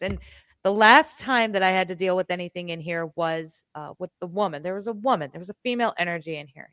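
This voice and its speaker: A woman chatting casually as a co-host at home, telling a personal story in an animated, rambling way with restarts and the odd swear word. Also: fairly low pitch, dry recording. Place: room in her home.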